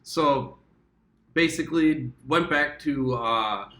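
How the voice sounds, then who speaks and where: A man from the United States rambles through a travel story in a loose vlog style, swearing freely and stopping to correct himself. His voice is bright and forward. The room around him adds a roomy echo. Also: mid-range voice, takes it slowly. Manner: rambling, profane, self-correcting. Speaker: travel vlogger. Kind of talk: casual storytelling.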